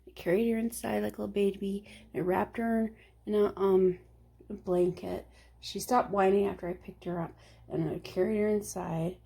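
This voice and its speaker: A woman's voice: mid-range voice, steady tone, moderate pace, gravelly, mellow, breathy edge. A woman chatting casually to the camera from home, rambling between topics and sometimes dropping to a whisper. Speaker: vlogger. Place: at home, working from home.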